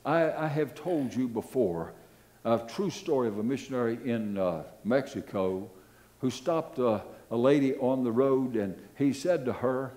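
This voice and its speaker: Delivering a sermon as pastor, an older man speaks in a medium pitch at a measured pace. His storytelling is animated and repetitive, dotted with hesitant fillers.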